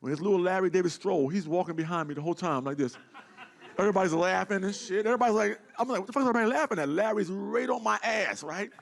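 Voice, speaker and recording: Man, guest, casual storytelling, swears a lot, high voice, acts out others' lines. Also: fast, vocal fry. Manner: animated, profane, acts out the people he quotes.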